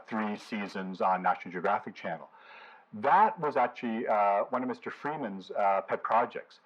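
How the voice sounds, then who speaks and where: Low husky guy lecturing, chatty, lots of uh and you know, muffled lo-fi sound. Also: fairly bright tone. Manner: conversational, leans on "you know", hesitant fillers. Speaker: guest lecturer, professor. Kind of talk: public lecture to a community audience.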